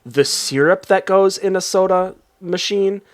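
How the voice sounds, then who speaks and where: A man with a fairly high voice hosts a comedy improv podcast. He jokes around in loose, casual banter and laughs often between his lines. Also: measured pace.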